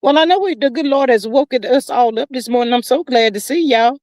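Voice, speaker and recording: A woman's voice: high-pitched, lively intonation, brisk, a little mellow, dry recording, clean studio sound. A woman hosting a casual livestream chat, greeting viewers and talking in a chatty, playful way with lots of slang. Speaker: livestream host.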